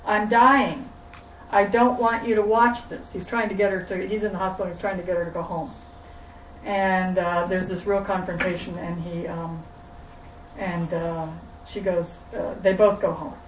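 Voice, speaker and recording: A woman's voice: lowish voice, little pitch movement, moderate pace, darkish tone, reverberant, recorded from a distance, highs cut off, slight background noise. A woman retelling a film to a group in a rambling, self-correcting way. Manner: rambling, restarting.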